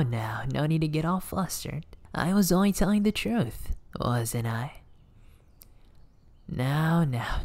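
A voice actor playing a cocky, teasing teenage boy volleyball setter in a soft, whispered role-play. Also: mid-range voice. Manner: playful, teasing, soft-spoken. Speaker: ASMR voice actor.

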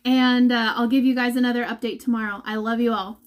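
A woman with a highish voice speaks fairly quickly and with little pitch movement. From inside her home, she gives her followers a tearful, heartfelt update as a mother, saying she is trying not to cry.

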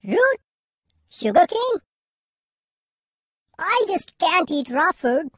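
A woman's voice: extremely high pitch, sing-song, very slow, fairly bright tone, no room sound, heavily acted. A woman voicing a fussy, spoiled male town mouse in a cartoon who complains and whines. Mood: whiny. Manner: whiny, complaining. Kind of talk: animated cartoon voice acting.

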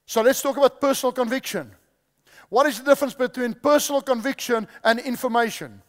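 A man's voice: extremely high pitch, a little fast, a bit bright. A male preacher giving a sermon, repeating key phrases and quizzing the audience, in a large church hall. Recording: long hall reverb.

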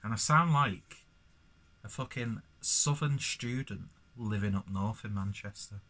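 Guy rambling through a beer review, swears a lot, lowish voice. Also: measured pace, bright, forceful tone. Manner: rambling, sweary, self-mocking asides. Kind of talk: casual beer review vlog.

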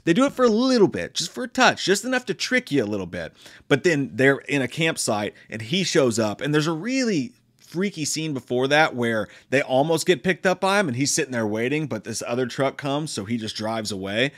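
A man's voice: mid-range voice, normal speed, no room sound, studio quality. A man giving a casual, profane and joking spoken movie review. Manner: profane, joking, animated retelling.

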